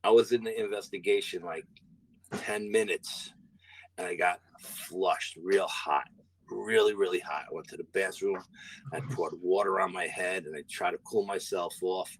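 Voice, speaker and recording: Low husky-voiced man telling a story. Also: fairly even intonation, unhurried, fairly bright tone, dry recording, poor audio. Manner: rambling, repeats words, swears casually. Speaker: guest paranormal investigator. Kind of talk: casual storytelling.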